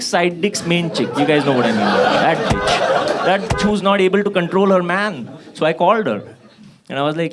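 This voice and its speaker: A man's voice: on the high side, very animated, moderate pace, a crowd in the background, noisy background. A man in his thirties from Kashmir doing a profane stand-up comedy set in a club, his voice jumping up when he gets riled. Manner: profane, exasperated punchlines, voice jumps up when riled. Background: audience laughter.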